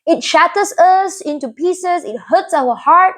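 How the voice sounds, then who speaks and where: A woman's voice: very high voice, a little slow. A young woman tells a personal story to camera in an earnest, confiding way, often checking in with "right?". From Malaysia. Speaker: vlogger.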